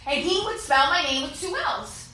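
A woman's voice: high voice, animated, moderate pace, sharp tone, a little hiss or hum. A woman performing a chatty, self-deprecating stand-up set on a club stage, acting out quotes with laughs. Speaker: stand-up comedian. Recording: echoey club room.

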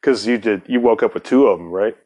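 Chill host guy, lowish voice, keeps laughing and cussing. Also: fairly quick, a little mellow. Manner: laid-back, laughs often, swears. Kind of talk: casual chat.

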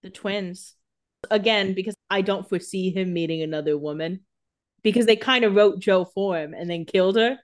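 A woman riffs on a TV episode with her co-host in loose, casual chat. She leans on lots of "like" fillers and cracks quick jokes. Her pitch sits in an ordinary middle range. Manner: chatty, many "like" fillers, quick jokes, frequent laughter. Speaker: podcast co-host.

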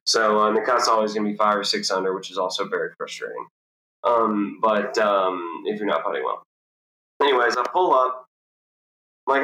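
A young man with a bright, forceful voice tells a golf story in a relaxed interview. He jumps up in pitch to act out the people in his tale. The room around him is roomy and echoey. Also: fairly quick. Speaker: professional golfer, guest. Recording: roomy echo.

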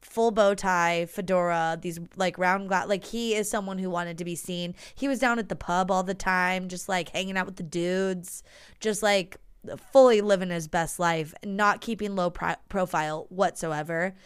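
A woman co-hosting a podcast in chatty, animated talk, using "like" often. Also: on the low side, normal speed, smooth. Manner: chatty and animated, heavy use of "like". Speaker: podcast co-host. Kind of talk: casual chat.

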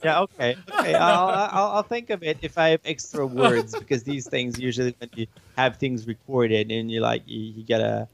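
A man whose first language is French, a game developer explaining his work in a casual interview, halting and chuckling as he talks. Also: mid-range voice, gravelly, a bit bright, a little hiss or hum.

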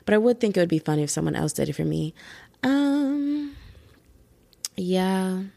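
A woman's voice: medium pitch, normal speed, vocal fry, warm tone, no room sound. A young adult woman hosting a casual solo podcast, chatty and rambling, laughing at herself and tossing in lots of "like" and "y'all", recorded at home under a blanket. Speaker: podcast host.

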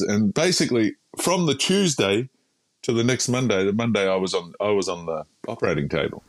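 An Australian man, a podcast guest, telling his story in a frank, animated, casual way with frequent restarts. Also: fairly low pitch, fairly quick, no echo.

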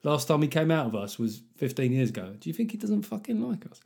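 A man's voice: fast talker, a little mellow, natural voice. A man voicing a disappointed, sulky male friend whining that a mate skipped the stag do. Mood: whiny. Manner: plaintive, high and sulky.

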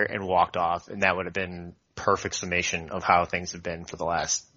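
A man co-hosting a casual football podcast, breaking down plays in a measured way with fillers. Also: low voice, level tone, sharp tone, no room sound. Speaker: podcast co-host. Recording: dull lo-fi podcast audio.

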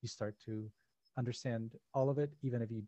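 A man's voice: medium pitch, steady tone, a little fast, dark tone, no echo, muffled recording. A man co-hosting a podcast in casual chat, rambling with lots of fillers and restarts. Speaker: podcast co-host.

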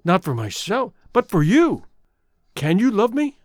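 A man's voice: high-pitched, wildly swooping pitch, unhurried, no echo, clean studio sound, voice pushed up, full character voice. A man reading the lines of an idealistic young man, speaking earnestly and passionately in an audiobook. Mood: impassioned. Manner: earnest, impassioned.

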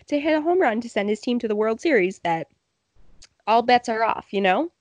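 A woman's voice: fairly high pitch, animated, fairly quick, no room sound. A woman co-hosting a casual sports podcast, chatty and laughing often. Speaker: podcast co-host.

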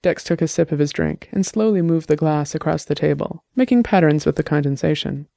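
A narrator reading a story aloud in a steady, measured way. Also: medium pitch, vocal fry, no room sound, clean studio sound. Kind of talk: scripted audiobook narration.

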